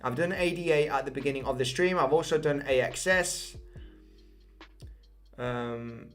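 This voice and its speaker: Over soft background music, a young Spaniard with a mid-range, unhurried voice hosts a crypto chart livestream and answers chat. The English accent he speaks with comes from his mother, who hails from the Isle of Man. He repeats himself, restarts often, uses many fillers, and calls the audience "guys."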